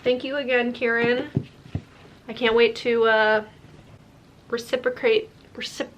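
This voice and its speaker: Young woman, slightly high voice, chatty book vlogger, gushing with quick asides. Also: little pitch movement. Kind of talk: casual vlog Q&A and book unboxing.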